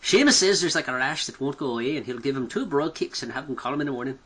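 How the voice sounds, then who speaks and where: A man's voice: medium pitch, fast talker, sharp tone, breathy edge, voice pushed up. Brash Irish brawler, boastful and punchy, put on by a man in an Irish accent.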